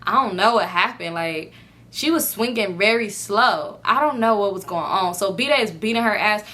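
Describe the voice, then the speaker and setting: A young adult woman vlogger in casual storytime, talking in an animated, profane way and acting out what others said. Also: mid-range voice, normal speed. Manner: animated, profane, acts out quoted lines.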